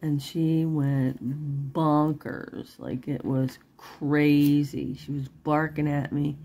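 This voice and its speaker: A woman's voice: low-pitched, level tone, slow, dark tone. A middle-aged woman selling jewelry online in casual, rambling chat, laughing often and apologizing after she curses. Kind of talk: casual live-sale chat.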